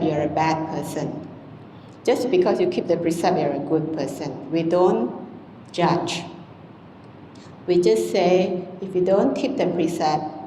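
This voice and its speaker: A Buddhist nun, giving an informal, conversational dhamma talk to a congregation, often adding "you know" and "ah". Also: female voice, fairly low pitch, a little hiss or hum. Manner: conversational and gentle, frequent "you know" and "ah" tags. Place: temple hall. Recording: echoey hall with long reverb, faint ambience.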